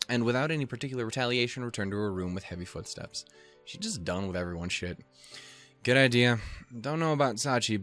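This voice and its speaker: Young male let's play host: low voice, swings a lot in pitch, profane and self-mocking, faint music underneath. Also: a bit bright. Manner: rambling, profane and self-mocking, with goofy put-on quotes; reads game text aloud with stumbles. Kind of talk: casual let's play commentary.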